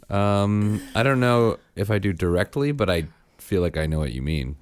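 Midwestern male podcast co-host, thirties, dry wry delivery, low voice that swoops around a lot, close dry mic. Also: measured pace, no room sound. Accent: Midwestern American. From Chicago, USA. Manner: wry, joking, lively. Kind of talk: casual chat. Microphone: studio podcast microphone.

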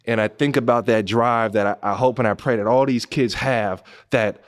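Guy in his 30s from pasadena telling his own story, gets loud and high when hyped then goes low and quiet, mid pitch voice. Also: moderate pace. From Pasadena, California. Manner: animated storyteller, voice jumps up when excited and drops low when moved. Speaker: podcast host and former NBA player. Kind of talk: personal storytelling to listeners.

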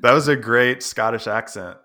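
A man's voice: medium pitch, moderate pace, bright, forceful tone. A man hosting a podcast interview, curious and asking short follow-up questions. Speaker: podcast host.

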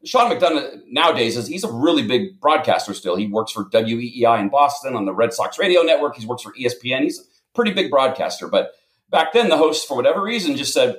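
A man telling self-deprecating anecdotes in a casual, lively way as a guest. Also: medium pitch, fast. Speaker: guest storyteller. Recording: roomy echo.

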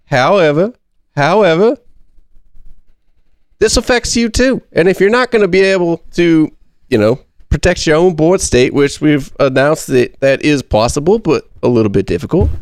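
A man's voice: on the high side, clean tone, no echo, natural voice. A folksy Midwestern country man drawls his way through the argument, as a man puts him on. The sound is dry and close.

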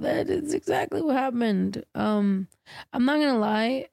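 A woman's voice: high voice, unhurried, creaky, no echo. Chatty young woman podcaster. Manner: chatty, laughing, swearing, expressive. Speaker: podcast co-host. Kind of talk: casual chat.

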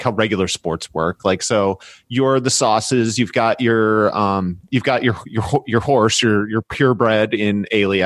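A man with a fairly low voice co-hosting a casual chat. He thinks out loud and tries out what-if ideas. The recording is close and dry. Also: dry recording. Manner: thinking out loud, musing in hypotheticals. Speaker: podcast co-host.

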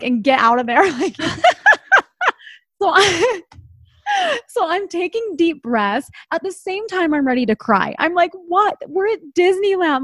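An animated woman in her thirties from Utah tells a long story in casual chat, fond of "like" and acting out what everyone said. Her voice sits a little high and the sound is dry and close. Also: dry recording. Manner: animated, lots of "like", acts out quotes.

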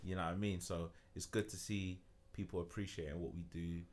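Low-voiced co-host. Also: male voice, fairly even intonation, fairly quick, a little mellow. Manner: earnest, easygoing slang. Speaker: podcast co-host and producer. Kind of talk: casual podcast chat.

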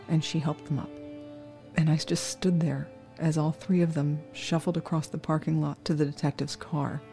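A crime scene worker telling a true crime story in the first person, with a measured, solemn delivery. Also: mid-range voice, vocal fry, dark tone.

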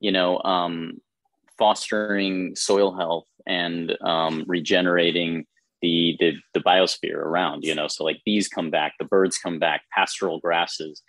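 A man's voice: low-pitched, flat delivery, measured pace, fairly bright tone, no room sound. A man chatting casually and earnestly, rambling a little with many fillers. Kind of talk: casual chat.

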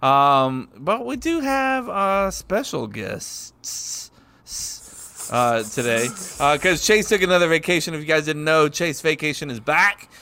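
Animated, lively-voiced male podcast host. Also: fairly high pitch, a little slow, creaky, clean tone. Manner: loose, animated, swears freely. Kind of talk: casual chat.

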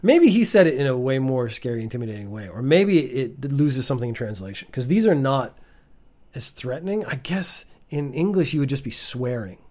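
A man's voice: medium pitch, big pitch swings, fairly quick, darkish tone. A man giving casual, wry commentary on news stories from home, chatty with frequent restarts.

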